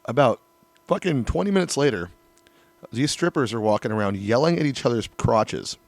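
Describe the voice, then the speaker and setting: A middle-aged man telling a long, crude story in casual chat, swearing freely and getting animated. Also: mid-range voice, normal speed, vocal fry, no echo.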